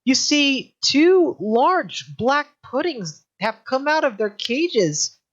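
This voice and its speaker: A woman narrating a tabletop game as game master, halting and full of ums and restarts. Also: high-pitched, sing-song. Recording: dull lo-fi audio.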